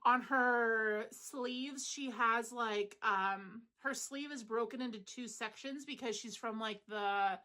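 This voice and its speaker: Woman, crochet channel host, chatty, meandering, lots of fillers, bright, higher voice, at home. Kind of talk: casual rambling crafting chat.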